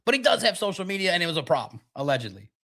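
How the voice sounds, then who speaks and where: Football talk guy, kinda high voice, jumps all over the place, jokey and chatty. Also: racing. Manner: chatty, joking, animated. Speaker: sports talk show host. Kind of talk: casual sports commentary.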